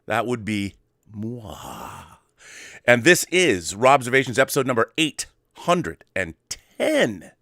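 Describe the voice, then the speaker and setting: A middle-aged man hosting his own show in a wry, digressive monologue that swings between animated bursts and quiet asides. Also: medium pitch, unhurried, no echo, studio quality. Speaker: host. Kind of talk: casual monologue.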